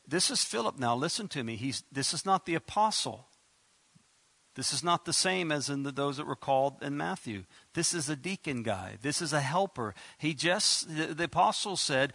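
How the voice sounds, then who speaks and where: A man preaching a sermon as pastor, emphatic, with sudden loud bursts and quick asides. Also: a little high, expressive, vocal fry, slightly rough, no echo.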